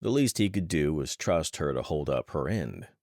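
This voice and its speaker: Deep-voiced male audiobook narrator. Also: big pitch swings, normal speed, creaky, a little mellow, no echo, studio quality. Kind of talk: scripted thriller narration.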